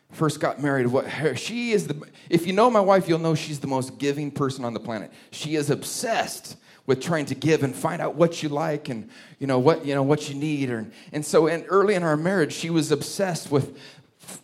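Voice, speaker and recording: A pastor preaching a sermon, telling a funny story in an animated way. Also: male voice, fairly high pitch.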